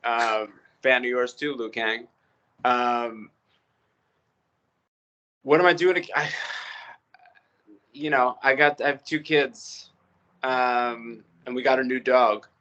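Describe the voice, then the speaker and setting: A man in his forties, a guest on a casual podcast, talking relaxed and joking with many fillers. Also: medium pitch, takes it slowly, long pauses, lo-fi sound. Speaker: actor, guest. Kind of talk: casual interview chat.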